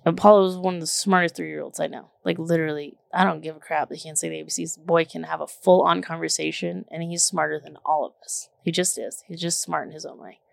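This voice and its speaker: A woman in her thirties telling a story in casual chat, animated and emphatic, full of "like" and the odd curse word. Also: deep voice, fast, gravelly, hardly any pauses, no room sound, clean studio sound. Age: 30s.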